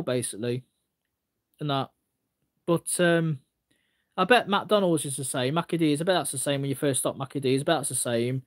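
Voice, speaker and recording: A man ranting casually on a livestream, rambling and repeating himself with stumbling restarts as he answers chat comments. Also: a little high.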